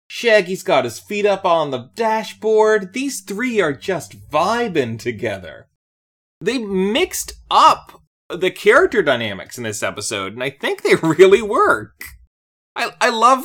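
Woman co-host, low voice with big swings, casual animated review chat. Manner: animated, laughs often, jumps high when excited. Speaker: podcast co-host.

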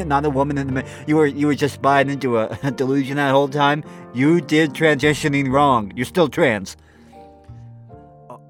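Rich: A sarcastic male host reads posts aloud and mocks them, laughing and tripping over his own restarts. His voice sits a little high for a man and jumps around a lot in pitch. Faint music plays behind him. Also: fairly bright tone. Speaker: commentary host. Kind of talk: comedic commentary reading online posts.

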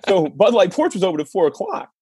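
A man's voice: sits high, big pitch swings, fast, mellow, slightly rough, no echo. Guy podcast host telling a story, laughs mid-sentence, dry close mic. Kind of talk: casual sports chat.

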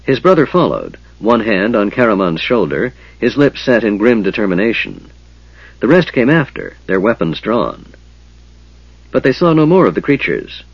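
A man narrating a fantasy audiobook with expressive storytelling. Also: lowish voice, normal speed, breathy edge, dry recording, highs cut off.

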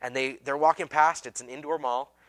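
Bright-voiced male pastor preaching. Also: mid-range voice, fairly even intonation, brisk. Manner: casual storytelling with many fillers and restarts; self-deprecating, humorous. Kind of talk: sermon.

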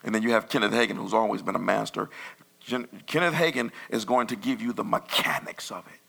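A man preaching a sermon as pastor, talking in a loose, conversational way with sudden loud bursts. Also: on the low side, brisk, creaky, breathy edge.

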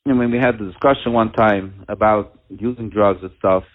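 A father telling a personal story at a community talk, halting and earnest, with many pauses and restarts. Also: fairly low pitch, fairly even intonation. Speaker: father telling of his daughter. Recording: tinny, phone-like narrow sound.

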